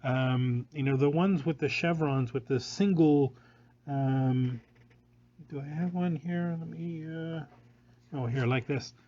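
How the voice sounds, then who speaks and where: A man's voice: on the high side, slow, warm tone, lo-fi sound. A man hosting a live product showcase, rambling along with many fillers and restarts, recorded on a phone. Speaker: jewelry showroom host.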